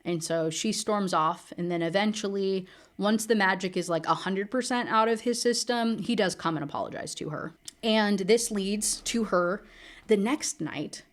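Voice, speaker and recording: A woman's voice: medium pitch, normal speed. A woman giving a casual, sarcastic book recap, full of fillers. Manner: chatty, filler-heavy, sarcastic. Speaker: book reviewer.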